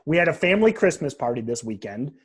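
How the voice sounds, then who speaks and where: A man's voice: fairly high pitch, big pitch swings, fast talker. A man co-hosting a podcast, talking in a loose, rambling way with lots of restarts and casual slang. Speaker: podcast co-host. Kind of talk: casual chat.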